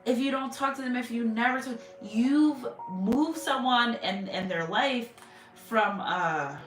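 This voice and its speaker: A woman's voice: a little high, slow, a bit bright. A woman who reads tarot, talking in a casual, rambling and heartfelt way about spiritual messages, with many fillers and restarts. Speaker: tarot reader. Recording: roomy echo, distant mic, faint music.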